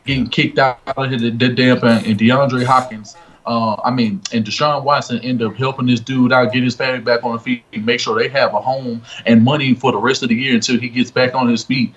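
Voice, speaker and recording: A man co-hosting a casual sports chat, emphatic and slowing down to stress his points. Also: medium pitch, flat delivery. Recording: dull lo-fi remote line with faint hiss.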